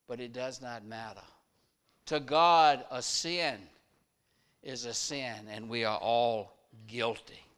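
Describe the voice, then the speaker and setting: A man preaching a sermon, retelling a story with dramatic rises and drops in loudness. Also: mid-range voice, clean tone.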